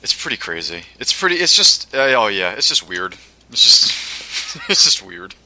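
A man with a very bright, forceful voice talks games in a loose, casual chat. His pitch sits a little low, and he laughs easily and swears offhandedly. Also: big pitch swings, normal speed. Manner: laid-back, laughs often, swears casually.

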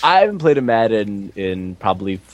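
A man's voice: lowish voice, sing-song, brisk. A man chatting casually about video games, rambling with many fillers and playful mock quotes. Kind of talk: casual gaming chat.

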